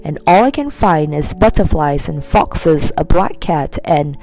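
A woman's voice: low voice, lively intonation, a little slow, warm tone, rough recording. A woman voicing a surly, bad-tempered little gnome-like man in a storybook reading.

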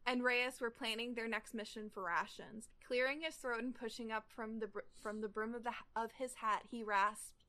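A woman's voice: a little high, steady tone, moderate pace, bright, forceful tone. A young woman hosting a casual fan podcast, gushing enthusiastically and reading fan fiction aloud. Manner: enthusiastic, gushing, filler-heavy. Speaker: podcast host.

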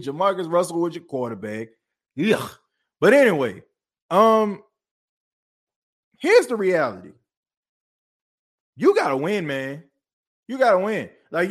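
A podcast host in a fired-up sports talk rant, animated and preachy, calling his listeners folks. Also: sits high.

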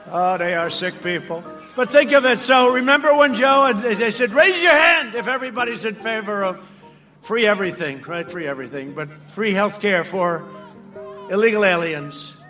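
A man with a high, bright and forceful voice delivers a campaign speech to a large rally crowd. He talks in a boastful, mocking way, repeats phrases and often breaks into shouts. Faint music plays somewhere behind him. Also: expressive, moderate pace. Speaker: political speaker at a rally.

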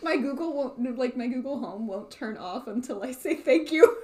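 Young woman, podcast co-host, fairly high voice, casual chat, rambling anecdotes. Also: lively intonation, moderate pace, darkish tone. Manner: rambling, self-deprecating.

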